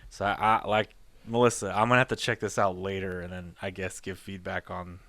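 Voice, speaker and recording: A man with a fairly low voice, chatting as a podcast co-host. He rambles and restarts his sentences as he thinks aloud. The recording is dry and close. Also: level tone, brisk, fairly bright tone, no room sound. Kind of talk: casual chat.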